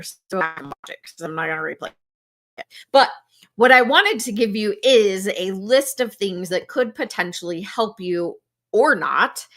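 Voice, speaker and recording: A woman hosting a mental health talk show on her own, with a bright, forceful voice. She talks in a loose, chatty way and pokes fun at herself now and then. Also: mid-range voice. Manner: casual, chatty, laughs at herself. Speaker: podcast host.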